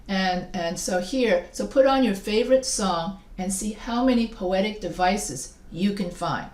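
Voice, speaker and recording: A woman's voice: medium pitch, measured pace, few pauses, darkish tone. A woman giving a recorded lecture as a teacher, casual and self-deprecating, often restarting her sentences. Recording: echoey room.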